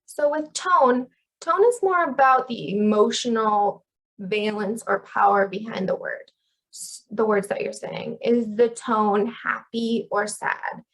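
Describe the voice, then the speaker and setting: A woman in her thirties explaining ideas as a communication instructor in an educational video, with clear teaching and lively stress on key terms. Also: fairly high pitch, takes it slowly, rough recording.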